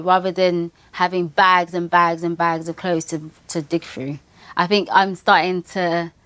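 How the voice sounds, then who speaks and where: A woman's voice: on the low side, no echo. A British woman answering questions in a documentary, talking casually and hesitantly with many fillers. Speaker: interviewee. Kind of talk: candid documentary interview.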